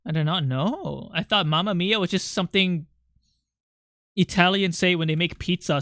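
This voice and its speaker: A streamer talks loosely over a drawing session in a smooth, clean voice at a middling pitch. The sound is close and dry, with no room around it. The delivery is jokey and quick to say sorry, and the speaker often pokes fun at their own art. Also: fairly bright tone, dry recording. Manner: joking, quick to apologize; self-deprecating. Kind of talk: casual livestream chat while drawing.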